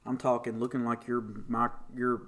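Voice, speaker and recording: Lively man telling a story. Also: moderate pace. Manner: animated, acts out quotes with big pitch jumps. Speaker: podcast guest. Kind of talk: casual storytelling.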